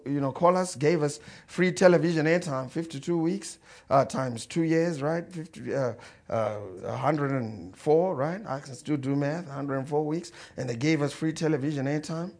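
A man preaching a sermon as a story, animated and swinging between loud and quiet, chuckling as he goes. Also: a little high. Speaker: pastor.

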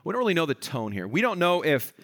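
A male pastor preaching with an animated, storytelling delivery, slipping into little voices to act out the lines of a passage. His voice sits a bit higher than most men's. The sound is close and dry, with no room echo. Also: quick pace. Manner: animated, acts out the dialogue of a reading in voices. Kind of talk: sermon.

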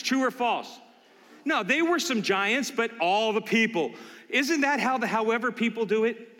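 A man's voice: high-pitched, expressive, normal speed, a bit bright, big-room sound. A man preaching a sermon, emphatic and questioning his listeners as he reads and explains scripture. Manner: emphatic, asks the congregation questions. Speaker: pastor.

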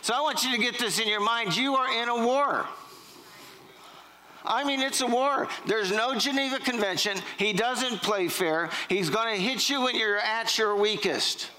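A man's voice: very high voice, normal speed, sharp tone, slight background noise, low-quality recording. A middle-aged man, preaching a sermon in a church, telling jokes and stories and quizzing the congregation. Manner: joking, storytelling, quizzing the congregation. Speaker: pastor. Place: church sanctuary.

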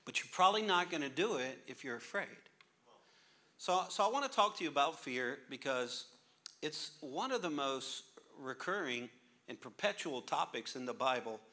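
A man's voice: on the high side, expressive, normal speed, pushed and bright. A male pastor preaching a sermon with humorous stories, jokey and laughing through his lines.

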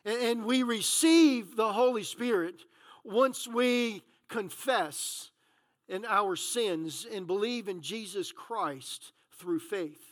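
A male pastor preaching a sermon, moving between hushed passages and loud emphatic ones, with frequent "uh, you know" fillers. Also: sits high, lively intonation, slow.

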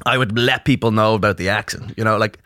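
Laughing Irish comedian with a bright voice. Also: male voice, lowish voice, steady tone, fast talker, no room sound. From Ireland. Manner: laughing often, swearing, jokey. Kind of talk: casual podcast chat.

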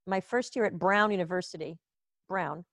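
A woman's voice: fairly low pitch, moderate pace, fairly bright tone, no room sound, studio quality. A woman from Israel hosting a live online comedy show from home over a video call, rambling in a chatty, profane, self-mocking way. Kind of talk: casual rambling stand-up chat.

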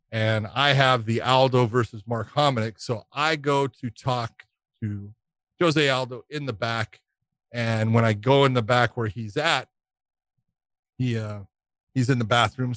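A man telling a casual anecdote on a talk show, animated, laughing through it and swearing freely. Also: medium pitch, no echo. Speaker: podcast co-host telling a story. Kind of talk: casual storytelling.

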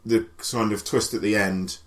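A man co-hosting a podcast, giving measured, opinionated film reviews. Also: on the low side, steady tone, a bit bright. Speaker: podcast co-host.

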